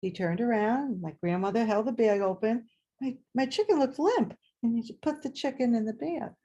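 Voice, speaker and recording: A woman telling a personal story live, animated and acting out voices and sounds. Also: on the high side, moderate pace, husky, dull audio.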